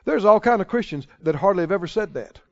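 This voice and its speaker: High-voiced emphatic male preacher. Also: animated, creaky. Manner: emphatic, repeats phrases, slows down on scripture. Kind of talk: sermon. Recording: dull lo-fi sermon recording.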